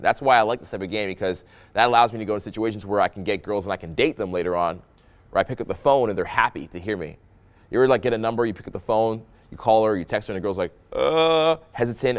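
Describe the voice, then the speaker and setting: Animated young man coaching on dating. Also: racing. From Canada. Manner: animated, playful voice, drops low for effect. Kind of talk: voice-over breakdown of pickup clips.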